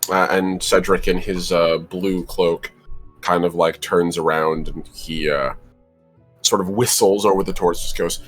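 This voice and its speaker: A man with a low voice narrates a tabletop role-playing game as its game master. He rambles through the scene, with lots of filler words. Soft music plays faintly behind him. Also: steady tone, measured pace. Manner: rambling, filler-heavy, descriptive.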